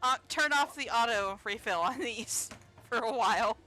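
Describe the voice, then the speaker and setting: A woman's voice: a little high, normal speed, pushed and bright. A woman hosting a livestreamed tabletop game, chatting casually, teasing her friends and laughing often. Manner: giggly, teasing, running the tech checks. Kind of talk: casual pre-show chat.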